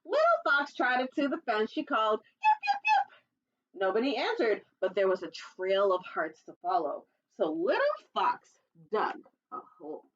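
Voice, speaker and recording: A woman children's librarian reading a picture book aloud for storytime, with playful, chatty asides to young listeners and squeaky animal calls. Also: big pitch swings, moderate pace, few pauses, fairly bright tone, lo-fi sound.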